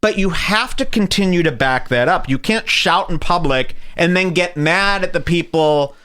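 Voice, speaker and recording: A man hosting a radio talk show, ranting casually with mocking impressions and sudden high-pitched bursts, and he has a headache. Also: normal speed, fairly bright tone, clear, resonant tone. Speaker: podcast host.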